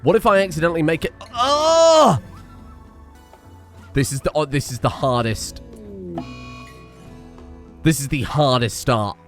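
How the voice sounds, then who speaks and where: Man, casual game commentary, lively swooping pitch, faint music behind. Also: moderate pace, long pauses. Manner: chatty, excitable, swears often. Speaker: gaming streamer.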